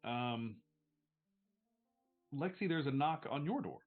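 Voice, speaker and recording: A man running a tabletop game as game master, narrating in a relaxed, halting way with fillers over a video call. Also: medium pitch, faint music behind. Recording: tinny call audio.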